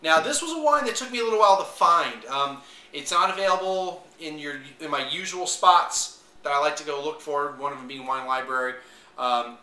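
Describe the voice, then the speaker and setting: A man's voice: fairly high pitch, normal speed, sharp tone, far from the mic. A man giving a casual wine review on video, rambling with plenty of fillers and trying out different pronunciations. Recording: echoey room, voice away from mic.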